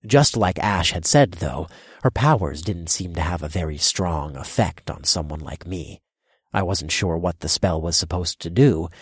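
A man giving measured first-person narration of a fantasy audiobook, turning commanding for his own character's lines. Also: low-pitched, husky, no echo, studio quality.

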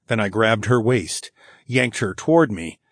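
A man narrating a romance audiobook in the first person, with a low, intimate delivery and soft sighs. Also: animated, unhurried, no room sound, clean studio sound.

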